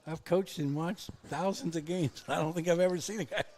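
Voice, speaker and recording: A man giving relaxed baseball color commentary, chuckling and telling stories from his coaching days. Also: fairly high pitch, fairly quick. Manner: relaxed and chuckling, tells anecdotes.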